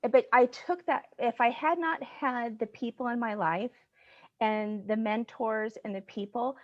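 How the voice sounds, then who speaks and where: A middle-aged woman, a guest on the show, telling her personal story in an earnest, excitable way, at times close to tears, over a video call. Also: on the high side, unhurried, no room sound, lo-fi sound. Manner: earnest, excitable, gets choked up. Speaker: guest, business owner. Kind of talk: emotional personal story in a casual chat.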